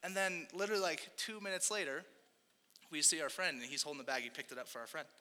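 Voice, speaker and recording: A young man delivers a sermon in a loose, conversational style, correcting himself and tossing in jokey asides. His voice sits high and rings very bright. It carries the long reverb of a church hall. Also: quick pace. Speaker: pastor.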